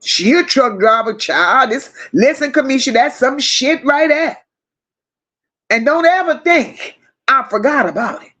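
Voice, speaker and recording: Woman host, high voice, slow deliberate delivery, dramatic and slangy as she reads comments aloud. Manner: animated, dramatic, slangy and emphatic. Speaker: livestream host. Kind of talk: casual live chat reading comments.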